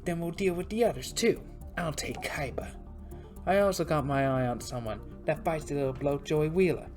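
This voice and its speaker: A woman's voice: deep voice, moderate pace, a little mellow, soft background music, natural voice. A woman putting on a cocky thug. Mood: taunting.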